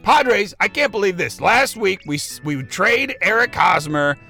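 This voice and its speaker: An actor playing a brash, boastful macho sports-talk radio host who rants loudly and keeps asking "okay?" in a swaggering comedic radio rant. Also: male voice, high-pitched, expressive, unhurried, creaky, soft background music, full character voice. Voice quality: loud, blustering, ranting. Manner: swaggering, repeats himself, asks "okay?" and "all right?".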